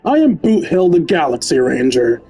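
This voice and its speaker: A cowboy gunslinger from a video game reads out a flowery formal letter in a deliberately lowered drawl, put on by a man. The voice still sits fairly high beneath the drawl. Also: expressive, darkish tone, soft background music, rough recording. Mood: pompous.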